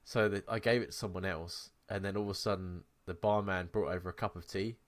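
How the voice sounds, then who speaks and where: English guy, low voice, swears a lot, chatty podcast stories. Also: steady tone, fast. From England. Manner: sweary, storytelling, laughs often. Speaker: podcast co-host. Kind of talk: casual chat.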